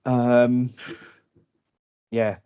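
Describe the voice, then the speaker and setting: A man co-hosting a casual podcast, telling stories slowly and laughing often. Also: medium pitch, flat delivery, dark tone, clear, resonant tone, no echo, highs cut off. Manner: slow, laughing storytelling with acted drunk voices. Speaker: podcast co-host. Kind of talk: casual chat.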